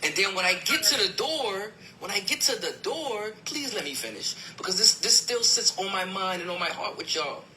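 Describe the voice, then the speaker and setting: A man retelling a family dispute in a heated argument, emphatic and quick to raise his voice when upset. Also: sits high, lively intonation, sharp tone, a little hiss or hum, rough recording. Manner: emphatic, retells events with quoted dialogue, voice climbing when upset. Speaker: podcast host.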